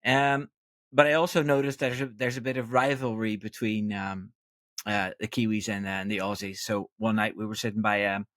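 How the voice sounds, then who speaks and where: A man hosts a podcast and tells a long joke in an unhurried, rambling way. He pauses often with ums and restarts. The sound is dry, with no room echo. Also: on the low side, level tone, a bit bright. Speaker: podcast host. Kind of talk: casual chat, telling a joke.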